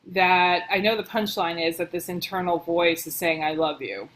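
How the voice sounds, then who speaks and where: Reading passages aloud, a woman who edits books comments on them casually, thinking out loud as she goes. Her lowish voice moves at normal speed, and the recording is rough.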